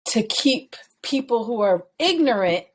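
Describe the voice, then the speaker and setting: A woman co-hosts a relaxed podcast. She teases her partner playfully, and when the talk turns serious she slows down and stumbles over her words. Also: on the high side. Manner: teasing, hesitant when serious. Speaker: podcast co-host. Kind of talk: casual chat.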